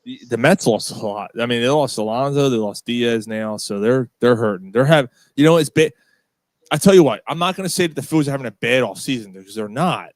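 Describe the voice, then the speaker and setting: A man's voice: medium pitch, a little fast, dry recording. A man co-hosting a sports podcast, chatting loosely and swearing freely. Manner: loose and profane, animated. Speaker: podcast co-host. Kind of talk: casual sports chat.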